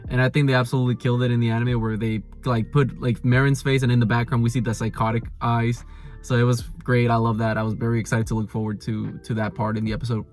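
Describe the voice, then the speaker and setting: A young man casually reviews an anime episode, rambling with lots of "like" and restarts while animatedly paraphrasing the characters. He talks quickly at medium pitch, with faint music behind him.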